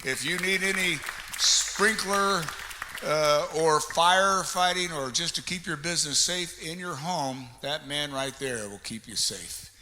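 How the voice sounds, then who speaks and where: A man's voice: on the high side, a little slow, sharp tone. A man emceeing a live chamber of commerce meeting, chatty and joking with the crowd as he hands out door prizes and introduces a guest. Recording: reverberant hall with faint background noise.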